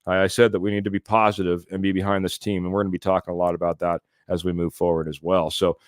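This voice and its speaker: A man hosts a live sports podcast, reading out viewer comments and chuckling along as he goes. His voice sits on the low side and sounds smooth and resonant. The sound is dry and close to the mic. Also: little pitch movement, fast talker, dry recording. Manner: chatty, laughs often, reads comments aloud. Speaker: podcast host.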